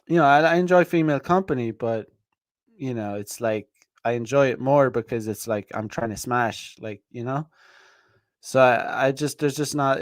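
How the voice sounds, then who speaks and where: A man's voice: medium pitch, no room sound, clean studio sound. A man hosting a podcast, talking in a blunt, profane, rambling way with many restarts and fillers. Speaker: podcast host. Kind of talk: casual livestream monologue.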